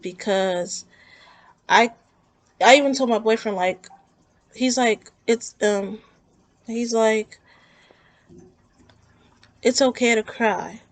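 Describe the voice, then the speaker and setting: Speaking slowly in a slightly high voice and pausing often, a vlogger opens up to camera about her grief. Her talk is earnest, emotional, rambling and heartfelt.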